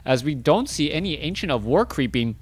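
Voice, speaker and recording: Solo on the mic, an esports caster calls a strategy game play by play, chatty and correcting himself, his excitement rising at big moments. His voice is fairly high and husky, fairly quick, with no room sound.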